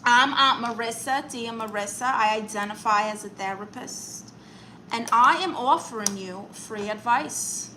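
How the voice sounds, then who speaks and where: An unhurried woman with a bright, fairly high voice hosts a comedic livestream, playfully chatting with viewers and answering their comments aloud in a mock-serious tone. She sits close to the mic in a low-quality recording, faint room hum audible behind her.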